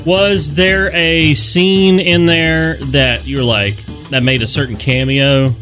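A man's voice: fairly high pitch, fairly even intonation, slow pace, fairly bright tone, soft background music. A man co-hosting a morning radio show, chatting casually and joking along. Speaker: radio co-host.

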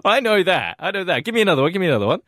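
A man co-hosting breakfast radio, his pitch jumping around as he jokes. He sounds playful and laughs easily, recorded close on a dry studio mic. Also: racing, dry recording. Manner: playful, laughs often, lively. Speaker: radio co-host. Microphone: studio microphone.

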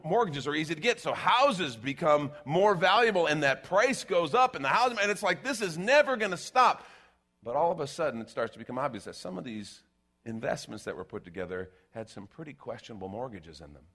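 A man preaching a conversational sermon, animated and given to sarcastic asides and quick restarts. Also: mid-range voice. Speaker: pastor.

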